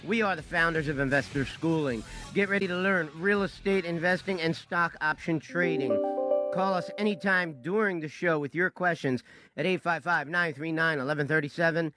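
A man's voice: a little high, normal speed, over music. A man hosting a live radio show, giving an upbeat, promotional opening. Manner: upbeat, promotional, clear delivery.

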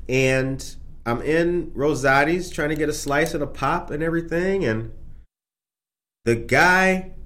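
A man's voice: mid-range voice, fairly bright tone. A man hosting a casual morning podcast, chatting animatedly straight to his live viewers. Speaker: podcast host. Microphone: streamed on camera.

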